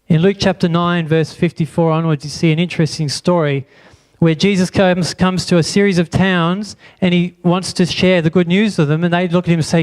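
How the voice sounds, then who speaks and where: High-voiced pastor, questioning. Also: male voice, moderate pace, darkish tone. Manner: asks the congregation many rhetorical questions. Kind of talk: sermon. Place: church.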